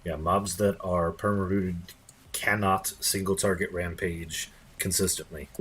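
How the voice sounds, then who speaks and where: Slow, low-voiced man leading a raid. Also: slight background noise. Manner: calm, directing players. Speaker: raid leader. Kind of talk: live game voice chat.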